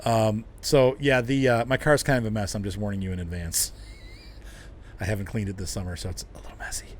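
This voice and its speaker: A man's voice: lowish voice, fairly even intonation, normal speed. A man casually chatting with viewers while driving in a truck game, rambling and laughing often. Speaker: game streamer.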